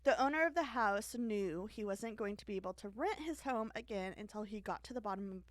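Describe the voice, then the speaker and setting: A woman's voice: medium pitch, animated, a little fast, no echo. A woman hosting a podcast, telling a story in a casual, rambling way, with many fillers and giggles.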